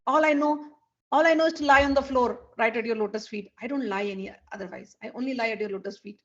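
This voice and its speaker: A woman's voice: on the high side, fast, fairly bright tone, highs cut off, lightly acted. A woman voicing Krishna as a young male lover who begs and pleads for forgiveness, in a devotional storytelling. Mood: pleading.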